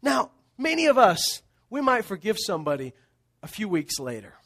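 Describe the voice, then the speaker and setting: A middle-aged male pastor preaching a sermon, animated storytelling with laughs that drops to hushed tones. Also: high voice, normal speed, vocal fry.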